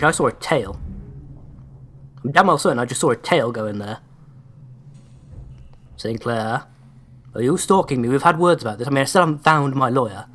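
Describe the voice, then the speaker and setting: A man's voice: medium pitch, a bit bright. A man giving casual gameplay commentary in a sardonic, sweary way, over-pronouncing his words. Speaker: let's play host.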